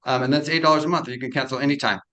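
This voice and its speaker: A man talks fast and casually as a podcast guest. He walks through how his invention works in plain, explanatory terms. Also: mid-range voice, steady tone, pushed and bright, low-quality recording. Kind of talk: podcast interview.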